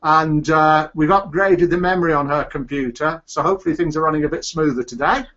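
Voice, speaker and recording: A chatty, upbeat man hosts a live online show from a home computer, his voice sitting a little high for a man. The sound is dull and lo-fi, like a home webcast. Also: a little fast, a bit bright. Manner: cheery, chatty, laughs easily. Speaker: host. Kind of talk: casual live show chat.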